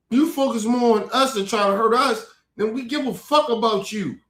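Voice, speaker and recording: A man's voice: high-pitched, fairly bright tone. Fired-up man, profane rant. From United States. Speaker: streamer. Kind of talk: heated commentary rant. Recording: roomy echo.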